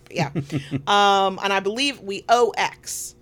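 Chatting casually in a home recording room, a woman co-hosting a podcast speaks with a Southern American accent. Her mid-range voice has a fairly bright tone and a moderate pace, and she rambles through asides, laughing often.

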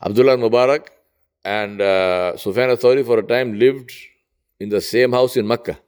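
A man preaching in a conversational storytelling way, retelling an old tale with lively quoted dialogue. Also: normal speed, clean tone. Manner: conversational, rising high when quoting characters. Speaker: Islamic preacher. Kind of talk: storytelling sermon.

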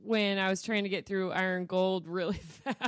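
A woman co-hosting a podcast in casual book chat, relaxed and hesitant, with fillers. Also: mid-range voice, normal speed, dry recording, clean studio sound. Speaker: podcast co-host.

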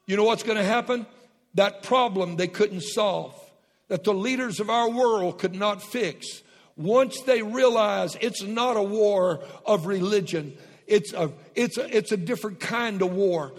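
A man with a high voice preaches fervently from a large church auditorium, calling out to his congregation. His words ring with a long hall reverb. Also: measured pace. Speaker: pastor. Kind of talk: sermon.

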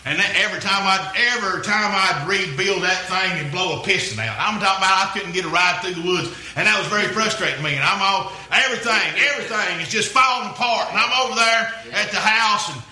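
Man, preacher, folksy storytelling, slightly high voice, echoey room. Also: fast, hardly any pauses, bright, forceful tone. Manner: folksy, rambling, repeats himself. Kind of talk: storytelling sermon.

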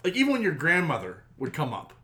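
A man, chatting on a podcast. His pitch swings widely as he teases his co-host and acts out little quoted exchanges, all in an easy, casual tone. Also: quick pace. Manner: animated, teasing, acts out quotes. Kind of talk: casual chat.

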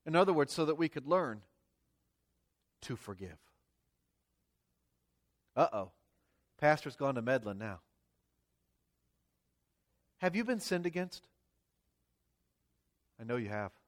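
A man's voice: medium pitch, big pitch swings, slow pace, pauses often. A man preaching a sermon to his congregation, talking casually and checking in with "okay?" and "right?" before reading scripture with rising emphasis. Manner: conversational, tags lines with "okay?" and "right?"; reads scripture with swelling emphasis. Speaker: pastor. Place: church sanctuary before a congregation.

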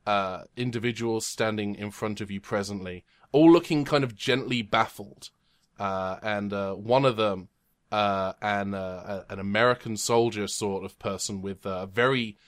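A man's voice: lowish voice, a bit bright. A man running a tabletop game as game master, reading scripted narration with dry comic timing, then hesitating with fillers as he ad-libs. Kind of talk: scripted narration and casual chat. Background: music.

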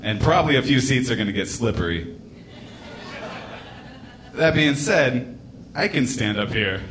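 Male stand-up, late 20s, American, casual drawl, mid-pitched, live club mic. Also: expressive, measured pace, fairly bright tone. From United States. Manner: laid-back, rambling, casual swearing. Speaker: stand-up comedian. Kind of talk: stand-up comedy set. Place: comedy club stage.

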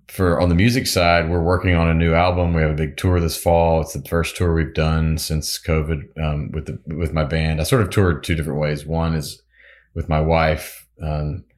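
A man's voice: rumbling low, a little mellow. A man, a musician and pilot, telling casual anecdotes in an interview with lots of fillers and restarts. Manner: rambling, filler-heavy anecdotes.

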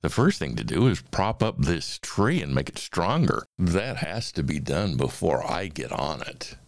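A man voicing a big, gentle, faithful male elephant who talks in an earnest, steady way. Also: low-pitched, a little slow, vocal fry, no room sound, studio quality, full character voice.

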